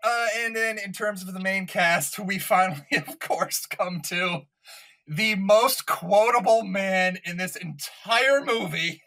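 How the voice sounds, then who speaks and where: A man's voice: high-pitched, slow pace, creaky, sharp tone. A tipsy man on a podcast, recapping a film plot and laughing easily in casual chat. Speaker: podcast host.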